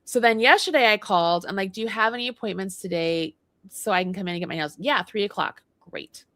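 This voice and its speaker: A woman's voice: medium pitch, fast, fairly bright tone, no room sound, studio quality. A woman co-hosting a casual livestream chat, animatedly telling a story and acting out both sides of it. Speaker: co-host. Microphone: livestream mic.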